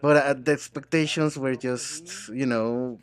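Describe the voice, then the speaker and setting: A man's voice: mid-range voice, fairly even intonation, a little slow, smooth. A man voicing an English dub of reality-show banter alone, sassy and bickering as he switches between several speakers. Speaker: translator dubbing a reality show.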